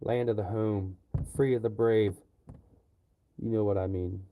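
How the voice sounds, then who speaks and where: A man ranting profanely and loudly to his livestream viewers. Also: fairly low pitch, steady tone, a little slow, narrow, tinny audio. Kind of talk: livestream rant.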